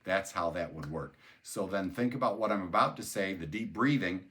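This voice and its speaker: Low-voiced older man explaining neuroscience. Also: lively intonation, moderate pace, a bit bright. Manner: conversational, repeats words, spells out terms. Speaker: neuroscience educator. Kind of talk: explanatory talk.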